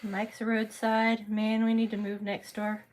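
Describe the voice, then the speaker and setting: A woman's voice: medium pitch, measured pace. A woman co-hosting a casual livestream who has a sore throat. Her voice is congested and nasal with little inflection, and she greets viewers by name and reads their comments aloud. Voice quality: nasal, flat delivery. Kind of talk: casual live-stream chat.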